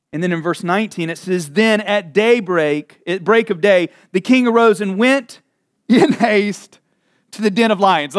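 Man preaching, high voice, slow delivery, dramatic scripture reading, casual asides. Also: no echo, clean studio sound. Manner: animated storytelling with frequent laughs and asides; reads scripture slowly and dramatically. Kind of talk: sermon.

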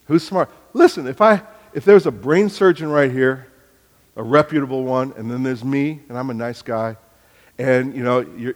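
A man's voice: medium pitch, long reverb tail. A middle-aged man preaching a sermon, telling family stories with acted-out dialogue and building to emphatic points. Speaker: pastor.

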